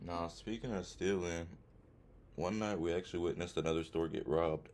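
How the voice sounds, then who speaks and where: A young man with a very low voice tells stories on his podcast. He talks in a relaxed, slangy way and laughs now and then as the stories unfold. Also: moderate pace, slight background noise. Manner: laid-back, laughs while telling, slangy phrasing. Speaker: podcast host. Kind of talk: casual storytelling.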